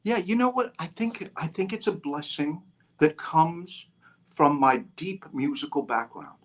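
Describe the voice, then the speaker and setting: An older man, a guest author on an interview podcast, talking in an animated storytelling way with frequent restarts and fillers. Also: on the high side, unhurried. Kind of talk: interview conversation.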